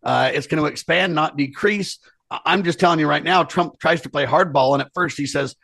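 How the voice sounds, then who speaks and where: A man talks politics as a co-host, leaning hard on his points and speaking straight to the audience. His voice is somewhat husky and sits a bit high. The recording is close and dry. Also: a little fast, fairly bright tone, no echo. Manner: earnest, emphatic, addresses listeners directly. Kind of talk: political commentary chat.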